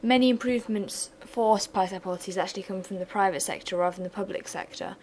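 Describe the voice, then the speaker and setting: A young woman talks through exam revision notes in a chatty, self-deprecating way. Her voice sits at a middling pitch. A faint noise runs under the recording. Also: fast, a little mellow, poor audio. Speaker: revision tutor. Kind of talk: economics revision lesson.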